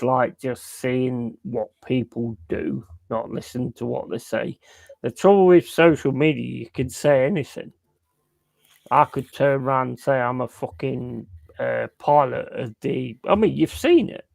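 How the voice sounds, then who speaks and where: A man's voice: medium pitch, measured pace, vocal fry, a little mellow, no echo. A man hosting a casual chat, blunt and swearing freely. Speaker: host.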